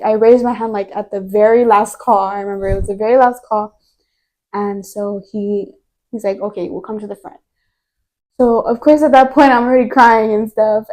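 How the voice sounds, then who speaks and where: A woman's voice: medium pitch, darkish tone. Earnest young woman sharing a testimony. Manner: earnest, rambling, heavy on filler words. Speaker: guest. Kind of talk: personal faith testimony.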